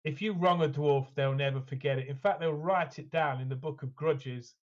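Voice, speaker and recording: Higher-voiced man, dull lo-fi sound. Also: moderate pace. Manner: enthusiastic, rambling, lots of fillers. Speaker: co-host. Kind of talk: casual hobby chat.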